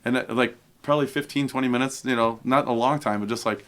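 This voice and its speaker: A man, a podcast guest, telling casual stories in an animated way and acting out the voices of people he quotes. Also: mid-range voice, quick pace. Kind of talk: casual storytelling.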